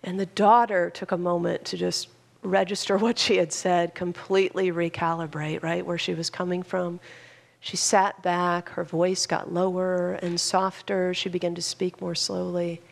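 A woman minister delivers an earnest sermon, pacing it like a storyteller and often rising to fervent emphasis. Her fairly low voice carries a noticeable gravelly fry, with a flat delivery at normal speed.

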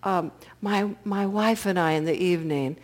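A woman voicing a small, gentle elderly man who speaks softly and slowly to calm a stranger. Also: on the low side, lightly acted. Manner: soft, slow and coaxing.

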